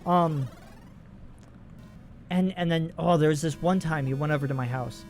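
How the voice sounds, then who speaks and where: A man's voice: fairly high pitch, normal speed, a little mellow, soft background music. A man in his twenties giving casual, profane, rambling commentary while playing a video game. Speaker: let's play host.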